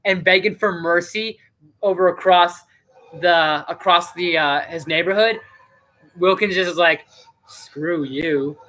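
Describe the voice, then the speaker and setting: A man's voice: sits high, unhurried, bright, forceful tone. A man hosting a casual live stream and reviewing a movie, rambling chattily with plenty of fillers.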